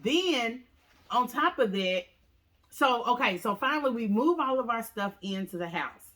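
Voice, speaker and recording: A woman casually tells a story straight to her viewers, calling them "y'all" often. She's animated and acts out what people said with big jumps in pitch, speaking at normal speed.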